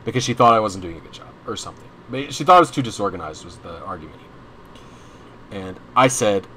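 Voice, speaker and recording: A man's voice: fairly low pitch, expressive, a little fast, pushed and bright, a little hiss or hum. A young man streaming a game, telling a long personal story in a casual, rambling way with many restarts and some swearing. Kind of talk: casual storytelling while gaming.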